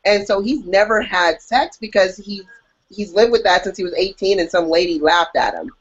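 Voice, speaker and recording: Woman cohost gabbing on a podcast, lively jokey delivery, kinda dull lo-fi sound. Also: medium pitch, normal speed. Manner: animated, jokey, acts out reactions. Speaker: podcast co-host. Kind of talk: casual chat. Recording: dull lo-fi audio.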